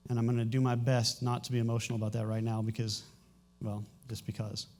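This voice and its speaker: A middle-aged pastor addresses his congregation from a church stage, with a voice of ordinary middle pitch for a man. He talks candidly and haltingly, restarting sentences as emotion presses in, plainly struggling to hold it together. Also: monotone, a little mellow. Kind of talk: sermon announcements and personal testimony. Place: church sanctuary.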